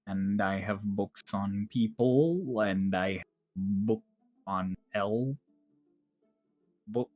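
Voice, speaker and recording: A man doing a slow, halting furbolg shopkeeper. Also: lowish voice, no echo. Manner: slow, halting broken speech. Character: big slow-spoken male furbolg shopkeeper.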